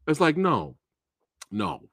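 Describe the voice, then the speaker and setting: Man, live-stream movie host, profane, laughing a lot, fairly high voice, lively pitch. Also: slow pace, vocal fry, husky, no echo, clean studio sound. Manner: animated, profane, laughs often, restarts.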